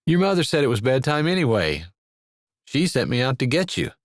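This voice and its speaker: A man's voice: mid-range voice, big pitch swings, fairly quick, no echo, close to an everyday voice. A man voicing a dry, teasing young woman in an audiobook. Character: wry young woman Nell.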